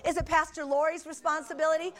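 A high-pitched middle-aged woman preaches a sermon to her church congregation. She leans on repetition and emphasis, breaking off now and then for casual asides to the people in the pews. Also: flat delivery, fast talker.

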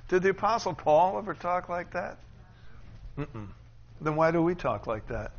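A man preaching a sermon as pastor, building to loud, emphatic declarations and dropping into quick conversational asides. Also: fairly high pitch, very animated, muffled recording.

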